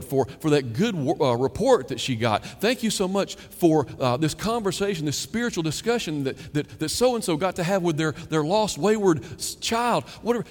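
A man preaching a sermon as pastor, acting out quoted prayers and conversations. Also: a little high. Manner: animated, acts out quoted prayers and chatter. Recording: long reverb of a church hall.

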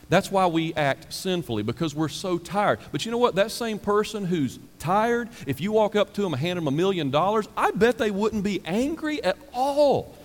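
A male pastor preaching a sermon, animated and self-deprecating, acting out everyday excuses with shifting voices. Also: fairly high pitch. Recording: long hall reverb.

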